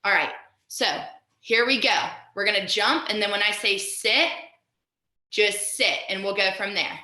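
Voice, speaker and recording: A woman's voice: medium pitch, a little slow, pushed and bright, reverberant. A woman teacher leading a guided mindfulness lesson over a video call, upbeat and encouraging as she talks straight to her students.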